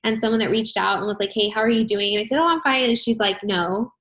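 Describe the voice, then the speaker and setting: A young adult woman hosting a podcast, telling stories in a chatty, animated way. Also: on the high side, fast. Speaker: podcast host. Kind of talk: casual conversation.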